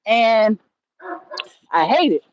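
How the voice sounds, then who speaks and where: Slow-talking high-voiced woman streaming live. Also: very animated. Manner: rambling and conversational, with many fillers and restarts. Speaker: livestream host. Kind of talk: casual storytelling on a livestream. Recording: dull lo-fi stream audio.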